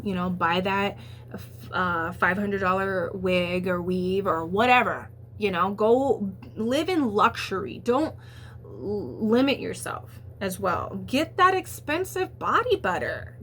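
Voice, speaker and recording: A woman's voice: medium pitch, slow pace, a little hiss or hum. Chatty young woman reading tarot. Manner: chatty, animated, frequent fillers and swearing, laughs at herself. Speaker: tarot reader. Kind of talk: casual tarot reading monologue.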